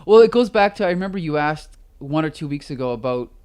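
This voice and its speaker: A man co-hosting a podcast, chatting casually and critically about comics with an exasperated, animated manner. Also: on the high side, quick pace, clear, resonant tone. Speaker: podcast co-host. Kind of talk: casual comic review chat.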